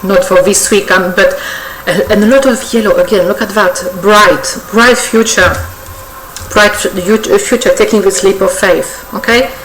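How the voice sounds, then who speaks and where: A woman gives a weekly tarot reading straight to her viewers, speaking at a middle pitch. She is effusive and coaxing, repeats her words, and keeps checking in with "okay?". Faint birdsong sits behind her voice. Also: steady tone, a little slow, fairly bright tone, slight background noise, poor audio. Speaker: tarot reader.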